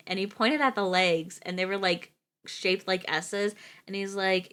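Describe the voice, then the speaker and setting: A woman's voice: medium pitch, steady tone, normal speed, fairly bright tone. A young woman streamer reading fairytales aloud, who drifts into chatty asides. She laughs easily and corrects her own slips as she goes. Her voice sits in a middle register.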